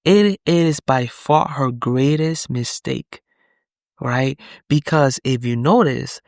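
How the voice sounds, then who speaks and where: Gravelly-voiced man teaching scripture. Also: medium pitch, slow pace, dry recording, clean studio sound. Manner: earnest, candid, often checks in with the listener. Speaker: Bible teacher. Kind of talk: conversational Bible study talk.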